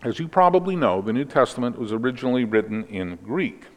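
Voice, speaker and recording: A man preaching, calmly explaining scripture and closing in prayer. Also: medium pitch, fast, big-room sound. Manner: explanatory teaching, ends in prayer. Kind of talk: sermon.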